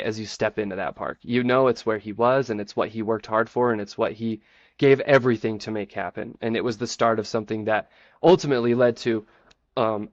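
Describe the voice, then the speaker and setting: Enthusiastic man pitching with playful bravado. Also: no room sound, dull audio. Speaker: presenter defending a theme park in a group chat. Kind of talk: casual persuasive pitch.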